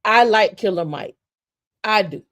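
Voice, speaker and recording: A woman's voice: mid-range voice, unhurried, a bit bright. A woman co-hosting a podcast who rants with passion, repeating phrases for emphasis and stumbling into restarts when heated. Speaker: podcast co-host. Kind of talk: casual opinion talk.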